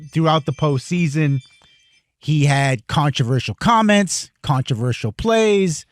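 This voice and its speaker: Male sports host, fairly high lively voice, dry sound, sets up a clip like a story. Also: no echo. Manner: builds a story toward a played clip. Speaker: sports talk show host. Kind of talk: setting up a clip.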